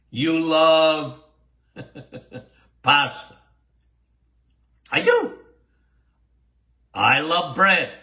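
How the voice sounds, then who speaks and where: Animated older man, bright echoey voice. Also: fairly high pitch. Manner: animated, emphatic, repeats himself, laughs often. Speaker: doctor and show host. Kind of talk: casual listener Q&A podcast.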